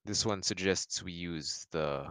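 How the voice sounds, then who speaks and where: A man running a tabletop game as game master, speaking in a formal, measured way when in character. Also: deep voice, fairly bright tone, no echo. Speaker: dungeon master.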